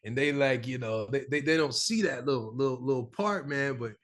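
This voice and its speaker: A young man from the American South, an actor chatting casually in an interview, animated and full of repeated fillers. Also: medium pitch, brisk. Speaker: actor guest.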